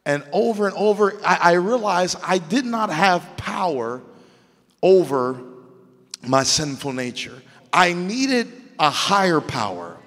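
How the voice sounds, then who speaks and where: In a church sanctuary with long hall reverb, a man from Louisiana preaches as pastor in a high, fairly bright voice. He speaks slowly with big swings in pitch, using proper, polished diction and earnestly repeating words through his points.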